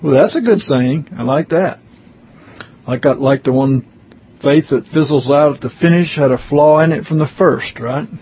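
A man earnestly reading a written testimony aloud, pausing for brief comments of his own. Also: a little high, slightly rough, muffled recording.

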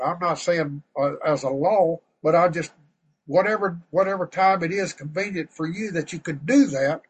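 A man preaching a fervent, folksy sermon to an online group over a video call, breaking into shouts of praise. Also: on the high side, husky, low-quality recording.

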